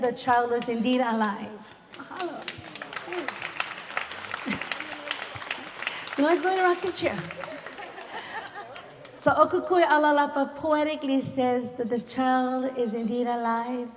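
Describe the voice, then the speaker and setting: A woman's voice: high-pitched, steady tone, slow pace, long pauses, big-room sound, a crowd in the background, noisy background. A woman with a Hawaiian Pidgin-inflected accent, a cultural storyteller speaking earnestly at a community reunion and weaving Hawaiian words into her talk. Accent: Hawaiian Pidgin-inflected English. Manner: earnest, warm-hearted, sprinkles Hawaiian words.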